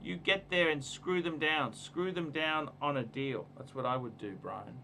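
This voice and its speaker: A man hosting a livestream chat, with a strikingly bright, cutting voice that sits a little high. He hammers his points home, repeating himself in an emphatic, ranting way. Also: moderate pace, gravelly. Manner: emphatic, repetitive, ranting advice. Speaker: livestream host.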